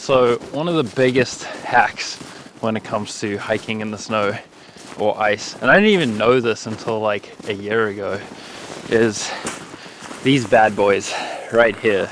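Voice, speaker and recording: Chatty young man, low voice. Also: unhurried, fairly bright tone, a little hiss or hum. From South Africa. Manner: chatty and upbeat, with many "like" fillers. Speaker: vlogger. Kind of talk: casual vlog with how-to tips.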